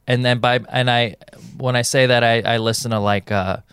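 A man from Southern California chatting casually as a podcast guest, rambling with halting restarts. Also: medium pitch, fairly even intonation, fairly bright tone, clean tone, no room sound, studio quality. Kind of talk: casual chat.

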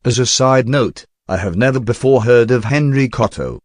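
A stuffy, fussy male secretary, as a man puts him on reads sports news in stiff, carefully precise phrasing, at a mid pitch. The voice sounds dry and close, with no room around it. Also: lively intonation, normal speed, no echo, lightly acted. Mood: prim. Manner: stiff, formal, precise diction. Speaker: fill-in podcast host. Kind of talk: scripted comic sports talk.

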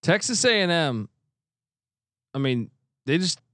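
A man's voice: on the high side, big pitch swings, slow pace, a bit bright, dry recording, clean studio sound. A man guesting on a sports betting podcast, making picks with confident, teasing banter. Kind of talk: casual sports betting chat.

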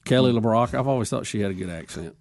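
A man's voice: mid-range voice, fast talker, a little mellow, no room sound. A male co-host of a talk radio show, keenly tossing out ideas in casual banter.

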